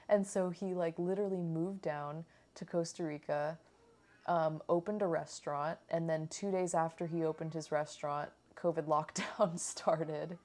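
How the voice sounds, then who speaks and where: A woman's voice: sits low, fairly even intonation, moderate pace, a little mellow. A woman chatting casually in a food vlog, rambling with lots of fillers as she tells a story. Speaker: food vlogger.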